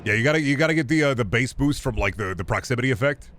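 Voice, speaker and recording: A man's voice: medium pitch, lively intonation, very fast, fairly bright tone, a little hiss or hum. A young man casually commenting on a game stream, rambling, jokey and profane. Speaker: gaming streamer.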